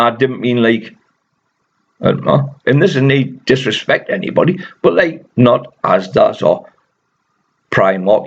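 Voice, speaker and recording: A man's voice: on the high side, husky. A man, talking casually to his viewers and firmly correcting rumours, with lots of "you know". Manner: chatty, rambling, keeps saying "you know". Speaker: video channel host. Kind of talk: casual spoken commentary. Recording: dull lo-fi recording.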